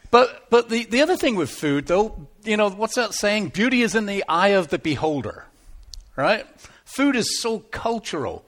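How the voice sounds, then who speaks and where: A man's voice: a little high, a bit bright. A man from England with a Devon accent, preaching a sermon in a joking, conversational way at a church service. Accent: English, Devon. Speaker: pastor. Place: church service, live and streamed.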